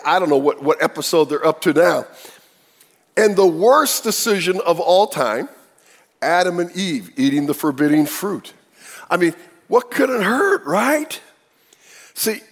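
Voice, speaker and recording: A man preaching a sermon as pastor, talking in an animated way with many rhetorical questions. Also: sits high. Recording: reverberant hall.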